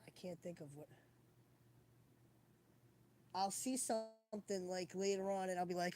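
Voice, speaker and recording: A woman's voice: medium pitch, steady tone, measured pace, pauses often, a little mellow, slight background noise. A woman chatting casually on a home live stream, rambling and wandering between thoughts while she searches around for things. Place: at home, indoors.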